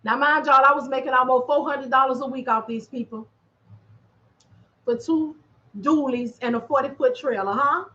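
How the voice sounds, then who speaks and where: A high-voiced woman talks shop as a truck dispatcher, chatty and emphatic, repeating her points and tossing in jokes. The audio is dull and lo-fi. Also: fairly even intonation, normal speed, pushed and bright. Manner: chatty, emphatic repetition, joking asides. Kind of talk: casual talk to viewers.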